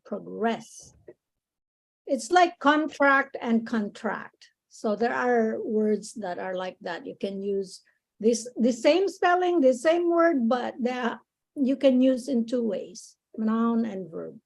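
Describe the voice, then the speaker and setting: A woman English tutor on a video call, speaking slowly and patiently. Her voice sits fairly high, and she explains step by step, restarting phrases as she goes. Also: creaky, dark tone, poor audio. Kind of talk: online English lesson.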